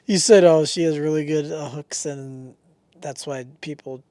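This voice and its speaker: A young man co-hosting a casual podcast, an excitable storyteller who laughs often and swears freely. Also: on the high side, moderate pace. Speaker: podcast co-host. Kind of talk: casual chat.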